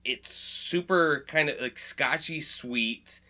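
Rambling man with a bright voice. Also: fairly high pitch, takes it slowly. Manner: rambling, swearing, fillers. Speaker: podcast co-host. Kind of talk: casual chat about beer.

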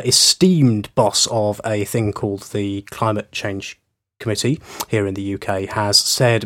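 A man co-hosting a comic podcast, mocking politics with silly exaggerations. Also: on the low side. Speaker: podcast co-host.

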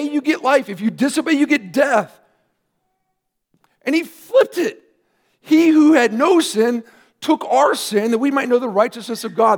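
Guy preaching, kinda high voice, earnest, pushes up on the questions then drops quiet. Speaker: pastor. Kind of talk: sermon.

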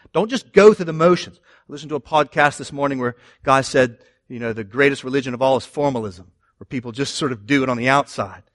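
Pastor guy preaching in church, kinda high voice, gets loud on the bible verses. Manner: animated preaching, rising loud on scripture quotes, asides to the congregation. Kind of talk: sermon.

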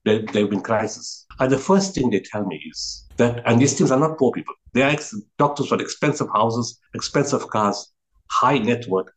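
The recording is low quality, capturing a middle-aged man with a South African accent speaking at medium pitch and a moderate pace. As the guest who founded a relief group, he recounts stories in a reflective interview, earnest and prone to restarts and emphatic repetition.

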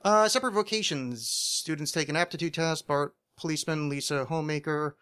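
A young man chatting on a podcast, his voice a little high and very bright. He rambles, jokes and restarts his sentences often while talking about a TV show. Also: a little fast, clear, resonant tone. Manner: rambling, joking, many restarts. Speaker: podcast co-host. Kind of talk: casual chat about a TV show.

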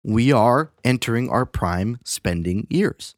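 A man's voice: medium pitch, slow, dry recording, clean studio sound. A young man in his twenties hosting a casual chat, rambling and swearing freely. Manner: rambling, profane, animated. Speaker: podcast host.

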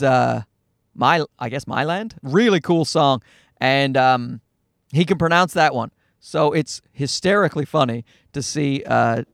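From a parked car in a lot, a lone podcast host tells meandering, swear-filled, self-mocking stories about parenting. His voice is slightly high with vocal fry, and the recording is clean, like a studio, with no room sound.

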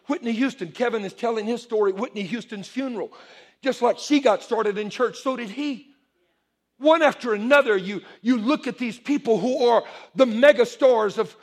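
A male pastor preaching a sermon to a congregation in church, animated and building to shouted calls for response. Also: very high-pitched.

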